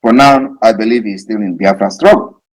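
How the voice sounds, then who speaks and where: A man's voice: lowish voice, fairly quick, poor audio. A man giving a heated, mocking political address to supporters, repeating points for emphasis. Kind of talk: impassioned live audio address. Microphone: online audio space.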